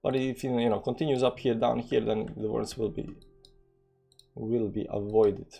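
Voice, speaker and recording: A man's voice: mid-range voice, little pitch movement, moderate pace, gravelly, mellow, breathy edge, faint music behind. A man from the former Yugoslavia with a Balkan accent, giving casual live crypto trading commentary in a rambling way, full of fillers and read-out numbers.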